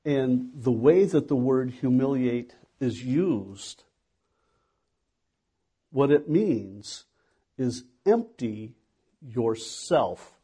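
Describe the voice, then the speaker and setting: A man's voice: mid-range voice, animated, very slow, long pauses, warm tone, husky. A man preaching a sermon in a conversational way, asking the listeners questions. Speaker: pastor.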